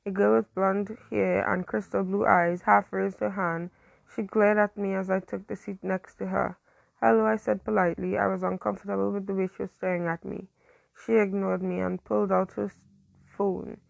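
A young woman reads a teen story aloud in a relaxed, unpolished way, with the odd slip and restart. Her voice has a gravelly, creaky texture. The sound is dry and close, with no room in it. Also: medium pitch, moderate pace, no echo. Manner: reads with slips and self-corrections. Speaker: story reader.

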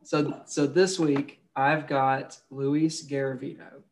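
A man's voice: mid-range voice, little pitch movement, slow pace. A young man co-hosting a casual true-crime podcast, crude and swearing freely, laughing while he tells grim facts. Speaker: podcast co-host.

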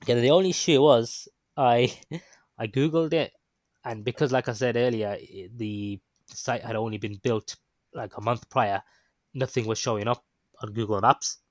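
A man's voice: medium pitch, moderate pace, dry recording. A man casually telling a story, rambling and hesitant with lots of ums and restarts. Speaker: guest recounting his experience.

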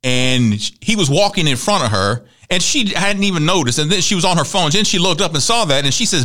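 Bright-voiced man riffing on the news. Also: a little high, animated, a little fast, hardly any pauses. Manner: chatty, wry asides, laughs at his own jokes. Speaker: talk show host. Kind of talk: casual news and celebrity gossip commentary.

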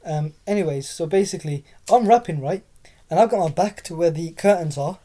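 Low, mellow young woman telling a story. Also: a little fast. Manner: rambling, heavy fillers, swears freely. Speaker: podcast co-host. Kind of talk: casual storytelling chat.

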